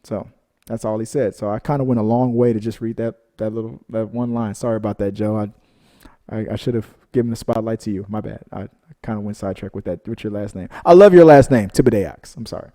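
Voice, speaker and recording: A man's voice: on the low side, fast, warm tone. A man co-hosting a reaction channel, chatting casually as he reads out viewer comments, rambling into side stories and then apologizing for them. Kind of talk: casual chat.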